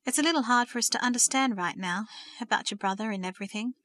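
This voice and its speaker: A woman reading aloud and voicing a devout middle-aged mother who speaks slowly and cautiously. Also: on the high side, a bit bright, dry recording, natural voice. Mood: measured. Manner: slow, cautious, hesitant.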